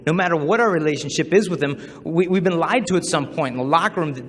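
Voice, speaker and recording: A man giving a humorous public talk to students, telling stories with animated acted-out voices. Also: a little high, fast talker, few pauses, long reverb tail. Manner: animated storytelling, acts out voices. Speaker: chastity speaker.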